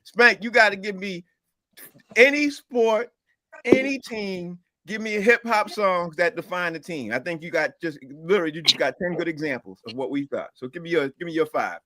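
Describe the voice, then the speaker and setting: A man's voice: sits high, animated, moderate pace, pushed and bright, dry recording. A man hosting a casual sports podcast who laughs often and keeps the segment moving. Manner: laughs a lot, steers the segment. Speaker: podcast host.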